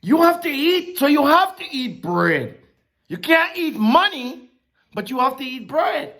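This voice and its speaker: A woman preaching a sermon, teaching from scripture in a slow, emphatic way. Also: sits high, sing-song, fairly bright tone. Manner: emphatic, rising and dropping sharply, slow deliberate preaching.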